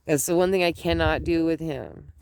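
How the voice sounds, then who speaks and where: A woman's voice: low-pitched, normal speed, darkish tone, a little hiss or hum. A middle-aged woman vlogging outdoors at home, chatting in a rambling way with many restarts. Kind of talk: casual chat.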